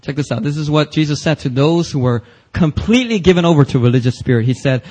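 A man with a husky, slightly higher voice preaches a church sermon. He talks casually with slang but builds to forceful, rising passages when quoting scripture. His delivery is emphatic throughout. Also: expressive, quick pace, hardly any pauses, rough recording. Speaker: pastor. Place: church service.

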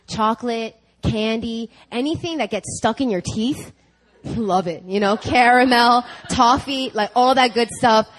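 A woman preaching a conversational sermon, telling a personal story with laughs and lively asides. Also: medium pitch, low-quality recording. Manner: animated, laughing, chatty with fillers. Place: church service.

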